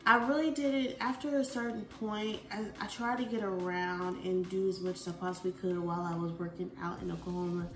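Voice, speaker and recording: A woman in her twenties, a vlogger from the United States, talking in a rambling, expressive casual chat that swings between soft and loud. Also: fairly low pitch, brisk, few pauses, distant mic. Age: 20s. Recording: roomy echo, from the mic, faint music.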